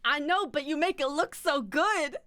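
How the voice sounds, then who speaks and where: A woman's voice: high-pitched, lively intonation, normal speed, sharp tone, no echo, studio quality. A woman streamer chatting casually while she draws, swearing often and laughing a lot.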